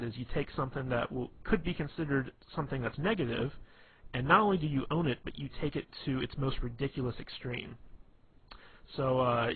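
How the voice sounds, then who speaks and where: A man's voice: mid-range voice, breathy edge. A man giving casual dating advice, rambling with lots of fillers, restarts and "you know". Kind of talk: casual instructional talk. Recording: tinny phone-quality recording with faint hiss.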